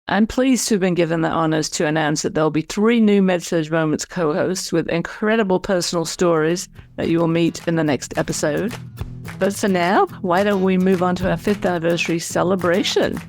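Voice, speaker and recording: Upbeat gravelly woman podcast host. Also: lowish voice, brisk, a little mellow, faint music behind. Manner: upbeat, announcing. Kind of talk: podcast hosting.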